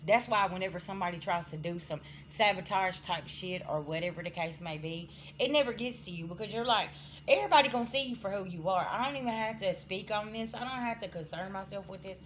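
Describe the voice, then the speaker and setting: A woman's voice: medium pitch, brisk, hardly any pauses, fairly bright tone, a little hiss or hum. Blunt, scolding woman giving a spiritual reading. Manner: blunt, scolding, swears freely; addresses viewers directly, frequent "okay?" checks. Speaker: spiritual card reader. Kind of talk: casual spiritual reading to camera.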